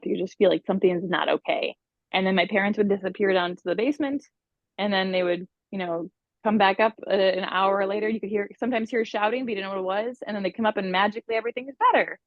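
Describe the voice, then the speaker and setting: Woman coach chatting on a podcast, expressive storyteller, dry muffled sound. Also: medium pitch, no room sound. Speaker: relationship coach. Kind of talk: podcast guest interview.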